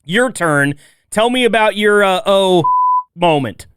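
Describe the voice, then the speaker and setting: A man's voice: high voice, animated, takes it slowly, fairly bright tone, clean tone. A man hosting a casual podcast, joking and laughing as he passes questions to his guests. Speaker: podcast host.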